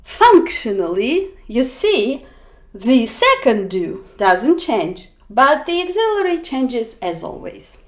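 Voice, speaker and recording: Woman teacher, high and very animated voice, unhurried delivery, acts out example sentences. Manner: slow and deliberate, acting out example sentences with emphasis. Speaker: English teacher. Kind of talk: explanatory video lesson.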